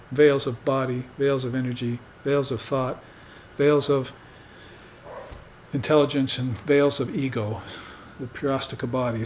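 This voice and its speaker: Man giving a dharma talk, middle pitch, easygoing and chatty, says "you see" a lot, faint hiss behind. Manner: unhurried, conversational, tags points with "you see". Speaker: spiritual teacher.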